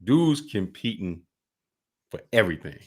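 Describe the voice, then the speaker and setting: Animated low-voiced male podcast host. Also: unhurried, breathy edge. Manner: animated storytelling, often rising loud. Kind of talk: casual sports talk.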